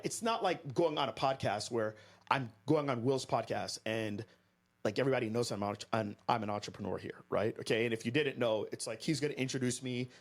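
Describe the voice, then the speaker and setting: A man from Florida, a podcast guest, telling a story in an energetic, emphatic way and talking straight to the listeners. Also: mid-range voice. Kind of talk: animated storytelling to an audience.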